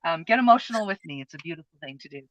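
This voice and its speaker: A woman's voice: on the low side, lively intonation, racing, no echo. A woman in her fifties co-hosting a casual chat, telling a personal experience in an earnest, open, heartfelt way. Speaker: co-host. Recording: dull lo-fi, dry sound.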